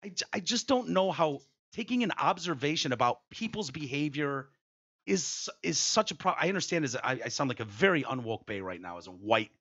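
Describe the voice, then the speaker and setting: A man hosting a podcast in casual, opinionated chat, animated and quick to act out bits, in slightly muffled audio. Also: fairly high pitch. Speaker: podcast host.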